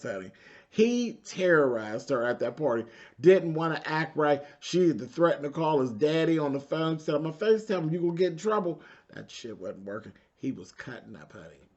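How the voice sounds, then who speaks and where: A man's voice: a little high, a bit bright. Sassy gossiping man, dull lo-fi sound. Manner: sassy and gossipy, drawling "honey" and "child". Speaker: reality TV reviewer. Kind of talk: casual episode recap commentary.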